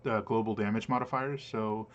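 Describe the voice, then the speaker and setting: A man running an online tabletop game as game master, pausing often with fillers as he explains the rules. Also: fairly low pitch, steady tone, lo-fi sound. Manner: hesitant, many filler pauses while explaining rules.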